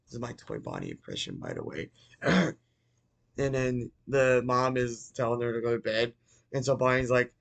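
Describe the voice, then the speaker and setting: A man casually recapping a movie for his channel, rambling with restarts and apologies, excitable and swearing. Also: mid-range voice, normal speed, creaky. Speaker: YouTuber reviewing a movie.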